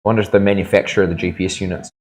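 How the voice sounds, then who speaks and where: A man's voice: low-pitched, level tone, racing, a little mellow. A man, a tattoo artist chatting casually on a live stream, laid-back and joking, swearing freely. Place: tattoo studio.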